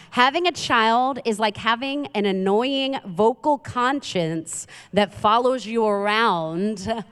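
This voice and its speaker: Smooth-voiced New woman preaching. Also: a little high. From Queens, New York. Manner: chatty, self-mocking, humorous asides. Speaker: guest preacher. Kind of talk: conversational sermon. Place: church sanctuary. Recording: reverberant church hall.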